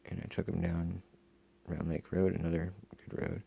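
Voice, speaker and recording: A man telling a long personal story in a rambling, profane, casual way, full of fillers, with a gravelly, husky voice. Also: sits low, completely flat delivery, moderate pace, highs cut off. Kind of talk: casual first-person account.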